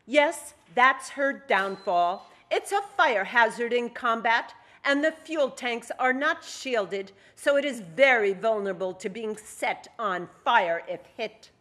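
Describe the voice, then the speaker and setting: A proud, tough young Soviet bomber pilot with a thick Russian accent, as a woman reading her story puts her on. She speaks high and loud, in a matter-of-fact, proud way. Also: expressive, slow pace.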